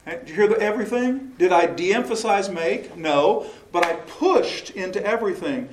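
A man's voice: sits high, lively intonation, moderate pace, slight background noise. A man leading a choral workshop session, explaining and asking questions, now and then singing a short phrase to demonstrate. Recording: echoey room recording.

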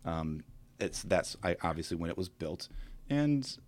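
A middle-aged man co-hosting a local podcast, chatting casually and often pausing with ums and restarts. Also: low voice, level tone. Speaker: podcast co-host. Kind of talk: casual chat.

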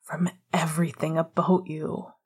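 A teasing, playful young man, voiced by a woman reader, his lines coming soft and half-whispered. The voice sits low and breathy, with a husky grain. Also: little pitch movement, measured pace. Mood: tender.

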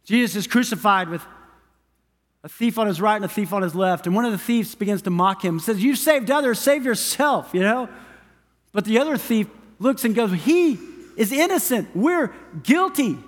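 High-voiced preaching pastor, reverberant hall. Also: male voice, animated, normal speed. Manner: emphatic, repetitive preaching cadence. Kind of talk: sermon. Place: church sanctuary.

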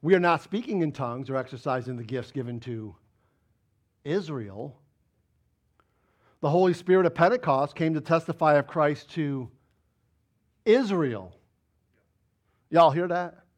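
A man preaching a sermon as pastor, firing rhetorical questions at the congregation and swinging between loud emphatic bursts and low quiet asides. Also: expressive, measured pace, long pauses.

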